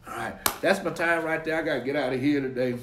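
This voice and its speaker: A man's voice: fairly high pitch, fast talker. A man preaching emphatically, repeating and restarting his words as he drives his points home, then praying for his online viewers. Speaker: pastor. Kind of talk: livestreamed sermon and prayer. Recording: echoey room with faint ambient noise.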